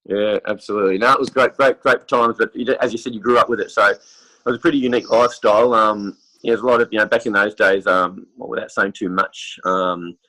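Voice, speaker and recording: Fighting a cold and clearing his throat, an Australian football superfan rambles through stories as a podcast guest, with plenty of fillers and restarts. He talks fast in a steady, bright, forceful voice on the low side, and the recording is rough.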